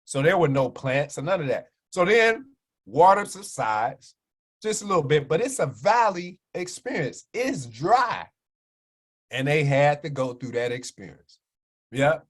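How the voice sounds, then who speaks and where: A minister and wellness speaker from Chicago, USA, delivers a preachy health talk to a livestream's live chat. He is animated, slightly high-voiced, and unhurried, and he keeps asking "right?" to get agreement.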